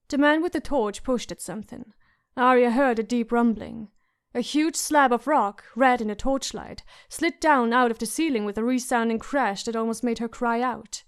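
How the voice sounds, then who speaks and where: A woman narrating an audiobook in a measured, suspenseful way. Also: on the high side, clean tone. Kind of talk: scripted narration.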